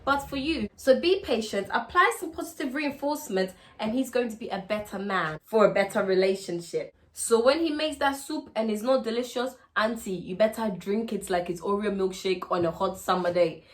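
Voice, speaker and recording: A woman's voice: mid-range voice, animated, normal speed, hardly any pauses. A woman with a Ghanaian accent giving relationship advice in a playful, teasing way in a casual vlog. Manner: playful, teasing, acts out sweet-talking lines.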